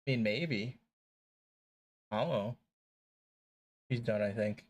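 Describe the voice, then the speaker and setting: A man's voice: on the low side, slow pace. A young man chatting casually on a live game stream, joking, rambling and swearing freely.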